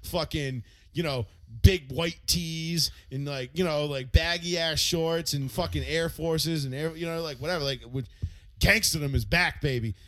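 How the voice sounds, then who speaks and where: An American man in his thirties co-hosts a podcast, drifting through loose, profane, filler-laden chatter. His fairly high voice takes its time, and the recording is dry.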